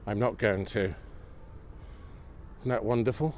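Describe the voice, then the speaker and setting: Man, lowish voice, enthusiastic live-stream walker, phone mic outdoors with faint street ambience. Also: fairly even intonation, measured pace, a little hiss or hum. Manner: exclamatory, gently enthusiastic, often asks viewers questions. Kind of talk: chatty live walk narration to viewers. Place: outdoors on a snowy, windy city street at night. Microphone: iPhone on a gimbal.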